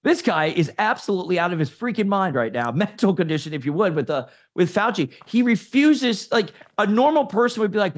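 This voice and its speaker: A man guesting on a talk show, speaking in casual opinion chat, animated, laughing often and tripping over repeated words when fired up. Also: sits high, a little fast, few pauses.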